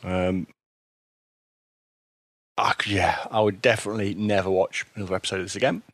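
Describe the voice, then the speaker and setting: A man's voice: sits low, steady tone, brisk, no echo. A man co-hosting a casual cartoon review chat, blunt and rambling, often repeating his words. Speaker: podcast co-host reviewing cartoons.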